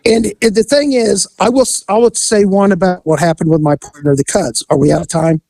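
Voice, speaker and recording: A man co-hosting a podcast, a former vice officer telling crude, blunt stories in a casual, animated way. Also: high-pitched, a little fast, gravelly, no room sound. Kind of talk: casual storytelling.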